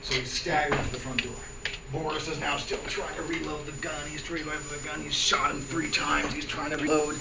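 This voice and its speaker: A man telling an animated comic story to listeners, punctuating it with shouted sound effects. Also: a little high, a little fast, gravelly. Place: room with listeners. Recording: echoey, distant, noisy amateur recording.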